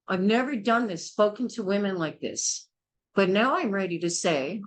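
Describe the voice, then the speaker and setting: An older woman, a midwife, gives a blunt and forceful childbirth class lecture, scolding and repeating herself. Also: mid-range voice, animated, moderate pace, low-quality recording. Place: small indoor class.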